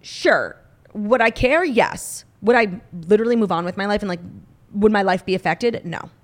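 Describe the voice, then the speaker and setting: A woman's voice: medium pitch, normal speed. A woman co-hosting a podcast, chatting casually about pop culture with emphatic opinions and frequent "like". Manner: emphatic, says "like" often, animated opinions. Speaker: podcast co-host.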